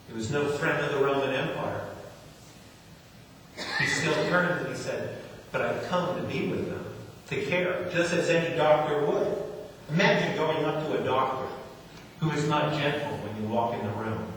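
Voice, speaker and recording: A man's voice: a little high, a bit bright, slight background noise. A man preaching a sermon, telling a story and repeating key phrases for emphasis. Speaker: pastor. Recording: echoey hall, mic from far off.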